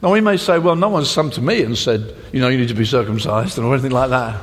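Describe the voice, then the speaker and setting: A man's voice: mid-range voice, fast talker. A man preaching a sermon, telling stories and acting out the people he quotes. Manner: animated storytelling, acting out quoted voices. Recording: long hall reverb.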